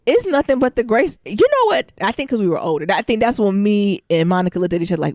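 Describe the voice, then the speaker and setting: A young adult woman co-hosting a podcast, telling profane stories in a casual, animated way and acting out quotes. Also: mid-range voice, fast, no room sound, clean studio sound. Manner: laughs often while talking. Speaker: podcast co-host. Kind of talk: casual storytelling chat.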